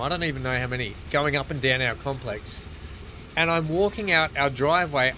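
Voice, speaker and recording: Aussie guy streaming a game, chatty and laughing, bright sharp voice. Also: medium pitch, slight background noise, rough recording. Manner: animated storyteller, laughs often, chatty. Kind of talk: casual livestream chat while playing.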